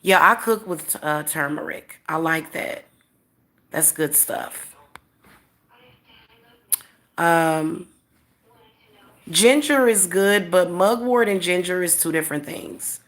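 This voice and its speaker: A woman's voice: fairly low pitch, slow, long pauses, fairly bright tone. A woman hosting a casual livestream as a spiritual reader, talking straight to her viewers in an emphatic, repetitive way and chuckling often.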